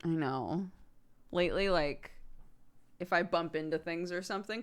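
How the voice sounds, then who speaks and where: Woman streamer host, casual chatty delivery, lower smooth voice, loose and rambling. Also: normal speed. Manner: chatty, rambling, with many "like" fillers and frequent laughs. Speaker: mother of a toddler. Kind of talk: casual chat with stream viewers.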